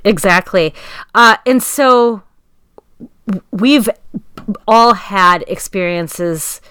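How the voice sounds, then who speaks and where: A woman podcast host asking earnest, halting questions. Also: mid-range voice, pushed and bright, clean tone, no echo, studio quality. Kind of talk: podcast interview.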